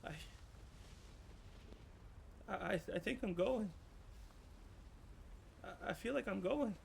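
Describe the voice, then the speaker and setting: A man's voice: high voice, expressive, darkish tone, a little hiss or hum, pitched above the performer's own voice. A man voicing a frightened young boy ghost who stammers through tears. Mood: tearful. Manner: halting, tearful.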